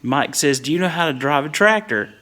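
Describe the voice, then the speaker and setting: A man's voice: on the high side, expressive, fairly quick, bright, forceful tone. A middle-aged man, telling a funny story from his youth in a casual, chatty way and chuckling often as he goes. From Whitley County, Kentucky.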